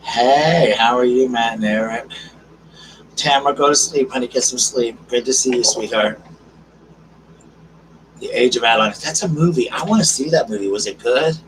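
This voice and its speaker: A man hosting a casual live stream, chatting warmly with viewers and calling them girl, darling and honey. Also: medium pitch, normal speed, pauses often. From South Carolina. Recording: distant mic with noticeable background noise.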